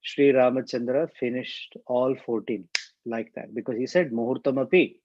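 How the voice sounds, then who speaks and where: A man teaching a scripture class, reciting verses and explaining them in an unhurried way. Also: medium pitch, steady tone. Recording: dull, dry lo-fi recording.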